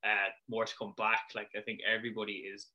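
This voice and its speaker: Bright-voiced Irish man telling stories. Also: fairly low pitch, monotone, quick pace, dull audio. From Ireland. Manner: rambling, many fillers and restarts. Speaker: business founder, guest. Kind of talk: casual chat, storytelling.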